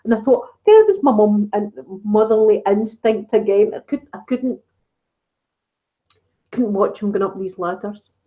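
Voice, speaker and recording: A woman's voice: medium pitch, animated, a little slow, lo-fi sound. A middle-aged woman with a Scottish accent, hosting a casual live-stream chat on her ASMR channel and telling stories with frequent laughs. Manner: chatty storytelling, frequent laughs.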